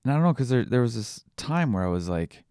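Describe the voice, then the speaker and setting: A man's voice: mid-range voice, very animated, fast talker, dark tone, no echo, studio quality. A man in his thirties hosting a podcast, musing aloud in a candid, rambling way full of restarts. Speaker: podcast host. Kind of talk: reflective monologue.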